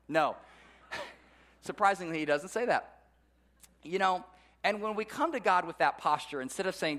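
A man preaching a sermon to his congregation, animated, with rhetorical questions and swings between soft low tones and loud emphatic peaks. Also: moderate pace, pauses often. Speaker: pastor.

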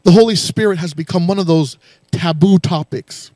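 A man preaching a sermon in a high, ringing voice. He drives his points home through repetition and calls on the congregation for praise. The sound is dry and close, with no room echo. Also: normal speed, warm tone. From raised in a West Indian home. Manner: rhythmic preaching with call-and-response exhortations. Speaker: pastor.

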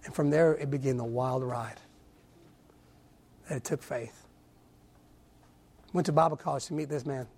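Earnest husky-voiced man preaching a testimony. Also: medium pitch, normal speed, long pauses, a little mellow. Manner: earnest, repeats words often, stammering restarts. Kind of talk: sermon testimony.

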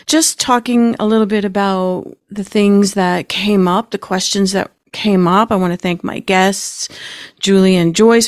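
A middle-aged woman hosts a spiritual podcast in a soft, heartfelt way, her voice close and dry on the mic. She sits at a middling pitch for a woman and talks warmly but evenly, without fuss. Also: clean tone, dry recording. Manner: gentle and emotional, keeps herself from crying. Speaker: podcast host. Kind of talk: casual spiritual podcast talk.

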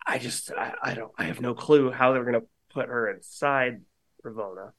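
A man's voice: mid-range voice, normal speed, a bit bright, no echo. A man co-hosting a podcast, thinking aloud in a tentative, hedging way. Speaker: podcast co-host. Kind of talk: casual podcast chat.

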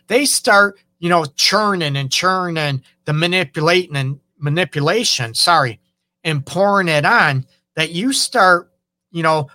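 A man's voice: on the high side, a little slow, pushed and bright, no echo. A man hosting a relationship advice show as a counselor, talking casually and often checking in with "okay?" and "you know".

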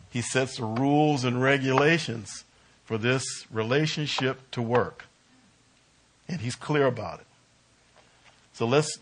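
A man with a medium-pitched voice teaches a Bible study. He speaks haltingly, restarting often and leaning hard on key words.

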